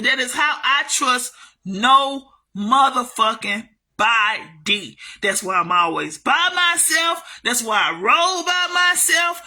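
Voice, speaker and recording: Speaking straight into her camera, this woman vlogger tells a story in a high, bright, forceful voice. She's blunt and swears constantly, saying things more than once to drive them home.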